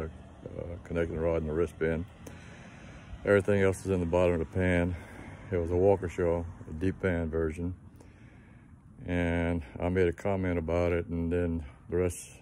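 Plainspoken man, deep and even, dark tone, folksy shop-talk delivery. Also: slight background noise. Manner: plainspoken, folksy, trailing fillers. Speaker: engine mechanic giving a tip. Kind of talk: casual how-to talk to camera.

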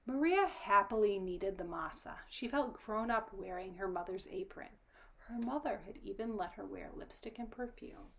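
Lady reading a kids' story, hushed and whispery, bit of gravel in the voice. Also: mid-range voice, animated, moderate pace. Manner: soft, often whispered narration. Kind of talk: storybook read-aloud.

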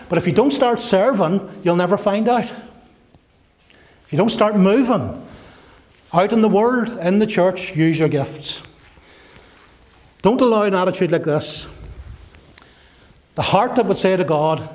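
A male pastor with a high, bright voice delivers an impassioned sermon in a church. He builds to fervent, repeated declarations and briefly slips into voices of God, Satan and his listeners. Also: measured pace, long pauses.

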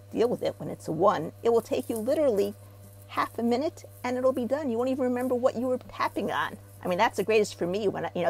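A middle-aged woman from Israel, a therapy practitioner talking as an interview guest. She tells stories with animation and gets loud when she acts out what people say. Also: medium pitch, gravelly, breathy edge, low-quality recording. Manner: animated storyteller, rising loud when acting out quotes. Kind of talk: casual interview talk.

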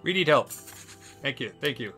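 A man's voice: mid-range voice, lively intonation, measured pace, sharp tone, faint music behind. A young man livestreaming a video game, chatting casually and playfully, giggling and talking to the characters. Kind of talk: casual gameplay commentary.

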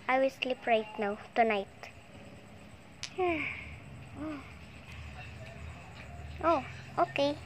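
Woman, toy storyteller, very slow and high, sing-song, faint background hiss. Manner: slow, playful, sing-song with excited squeals. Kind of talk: toy play storytelling with put-on voices.

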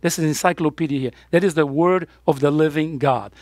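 A woman's voice: low-pitched, a little fast, a little mellow, no room sound, clean studio sound. A woman pastor preaching a sermon in a church, pressing her points with repeated questions and firm answers. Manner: emphatic call-and-response questions.

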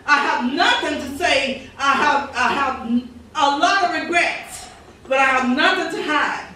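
A high, bright-toned woman pastor preaches with fervor, circling back on her phrases and calling out rhetorical questions. Her voice rings through a big echoing church, picked up by a mic set well away from her, with a faint hiss beneath. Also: measured pace. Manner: fervent, repetitive preaching with rhetorical quotes. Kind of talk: sermon. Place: church sanctuary. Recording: echoey church recording from far off.

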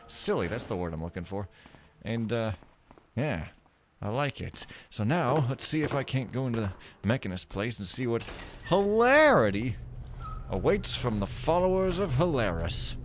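A jokey, lively male game commentator. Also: fairly low pitch, slight background noise. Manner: chatty and jokey, wandering asides. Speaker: gaming video host. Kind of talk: let's play commentary.

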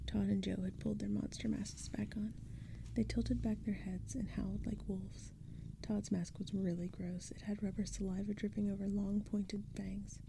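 A woman reading a spooky children's story in a soft, breathy whispered role-play, close to the mic. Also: mid-range voice, flat delivery, normal speed, background noise. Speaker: ASMR storyteller.

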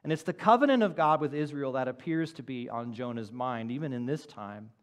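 A male pastor delivers a sermon in a voice of ordinary middle pitch. He swings from loud, emphatic lines down to quiet, low asides. He gives quoted words a dramatic reading. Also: a little fast. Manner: acts out the prophet's quoted words.

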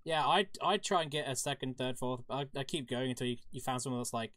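A man's voice: medium pitch, fast, few pauses, fairly bright tone, dry recording, clean studio sound. A young man with a Black Country accent, casually bantering and swearing while streaming a game. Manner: crude, joking banter. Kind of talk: casual livestream chat.

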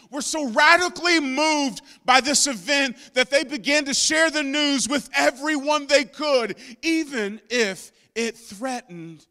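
A man pastor preaching a sermon with impassioned delivery that climbs into shouts. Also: very high-pitched. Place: church sanctuary.

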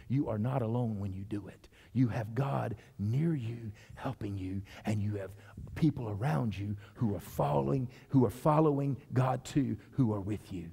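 A man preaching a sermon as lead pastor, swinging between loud preaching and hushed whispers. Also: on the low side, vocal fry, husky. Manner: talks loud by habit. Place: church sanctuary. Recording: long reverb of a church hall.

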